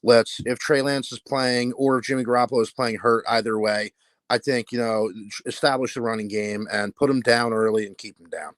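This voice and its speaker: A man's voice: medium pitch, fairly even intonation, fairly quick, fairly bright tone, dry recording. A man calling in to a sports show, casual, level-headed and explanatory. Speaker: caller. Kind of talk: casual sports call-in talk.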